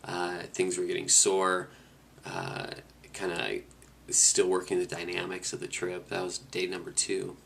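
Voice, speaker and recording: A man's voice: deep voice, measured pace, gravelly, slight background noise. A man casually recapping a long motorcycle trip, rambling and restarting his sentences as he tells it. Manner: rambling, restarts often, relaxed storytelling. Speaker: motorcycle rider on a cross-country trip.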